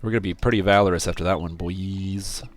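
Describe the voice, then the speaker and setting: Male streamer with a scratchy sore throat, lowish voice, rambling play-by-play that breaks into excited yelps. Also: fast, no room sound, soft background music. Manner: rambling, with sudden excited outbursts. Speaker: game streamer. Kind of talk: casual gameplay commentary.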